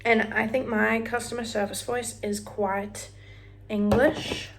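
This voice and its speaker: A woman's voice: fairly high pitch, flat delivery, takes it slowly, noisy background. A young woman in her twenties with an Australian accent, chatting casually while straightening her hair at home, often dropping to a near whisper. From Australia (Brisbane). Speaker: vlogger. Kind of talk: casual get-ready-with-me chat.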